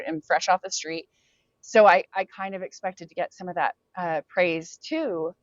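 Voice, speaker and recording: A woman talks through a personal story as a podcast guest, her speech loose and casual and sprinkled with "like" and "um". Her voice sits fairly low for a woman. The recording is dry and a little dull, with no room around her. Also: dry recording. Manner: casual, frequent "like" and "um" fillers.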